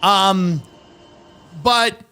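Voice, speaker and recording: A man's voice: high-pitched, extremely slow, sharp tone, clear, resonant tone. A man hosting a casual comedy podcast, rambling and reading news quotes aloud with dry sarcasm. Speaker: podcast host.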